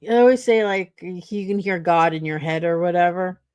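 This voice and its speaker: Low-voiced sarcastic podcast host woman. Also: brisk, a little mellow, smooth, dry recording. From New Jersey. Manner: chatty, sarcastic, many fillers. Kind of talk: casual chat.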